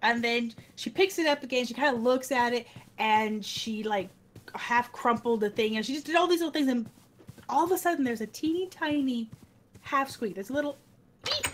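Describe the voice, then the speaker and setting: Woman host, high voice, lively storyteller doing voices as she plays. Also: normal speed, a little hiss or hum. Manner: animated, acts out other people's voices. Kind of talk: casual storytelling while playing a game.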